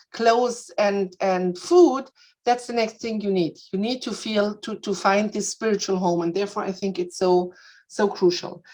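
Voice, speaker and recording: A woman's voice: mid-range voice, darkish tone, rough recording. Earnest woman giving a community update. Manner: earnest, with frequent restarts and fillers. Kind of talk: spoken update in a meeting. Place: Berlin, Germany.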